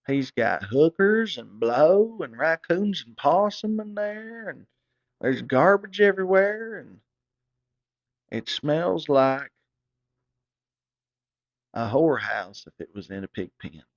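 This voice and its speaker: A man's voice: fairly high pitch, big pitch swings, slow, pauses often, no room sound. Rambling profane storyteller man. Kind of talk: crude comic storytelling. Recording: dull, dry recording.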